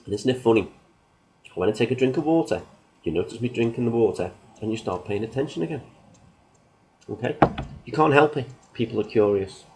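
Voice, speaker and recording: A man's voice: mid-range voice, animated, fairly quick, pauses often, a little mellow, slightly rough, rough recording. A man hosting a self-help video, explaining in a loose, casual way with everyday examples. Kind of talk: casual talk to camera.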